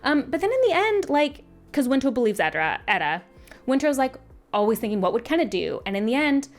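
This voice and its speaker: A woman's voice: sits high, very animated, brisk, soft background music. A woman giving a casual, emotional book review, talking through her feelings with many fillers and restarts.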